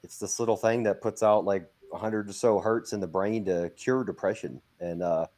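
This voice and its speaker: Low-voiced man chatting casually. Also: moderate pace, warm tone. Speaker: panel guest. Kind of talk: casual panel chat.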